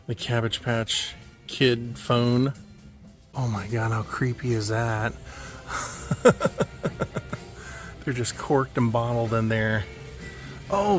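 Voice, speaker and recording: A man vlogging as he walks through an indoor antique mall, making relaxed offhand remarks and chuckling at the finds. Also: medium pitch. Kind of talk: casual walkthrough commentary.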